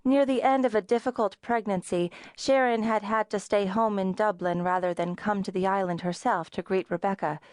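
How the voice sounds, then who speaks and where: A woman with a mid-range voice narrates an audiobook in a measured, even storytelling style. The scripted narration has clean studio sound with no room sound.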